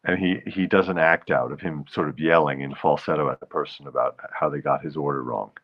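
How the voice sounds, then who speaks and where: A man's voice: steady tone, fairly quick, highs cut off. A man hosting his own show, chatting in a jokey, rambling way. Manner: jokey, rambling, breaks into falsetto bits. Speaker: show host. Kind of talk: casual solo show chat.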